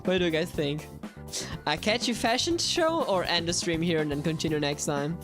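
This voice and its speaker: Excitable woman streamer. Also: fairly low pitch, normal speed, over music. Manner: excitable and playful, repeats words. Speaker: game streamer and artist. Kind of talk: live-stream chat answering viewers.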